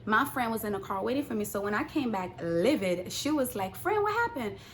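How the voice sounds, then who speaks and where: Young woman vlogger, casual storytime, animated, acts out dialogue, soft hiss behind. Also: mid-range voice, fairly quick. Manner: animated, acts out quotes, swings between hushed and loud.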